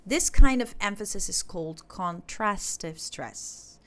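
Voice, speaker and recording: A woman's voice: mid-range voice, expressive, measured pace, fairly bright tone. A woman from Indonesia, an English teacher explaining a lesson step by step to her class. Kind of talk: recorded online lesson.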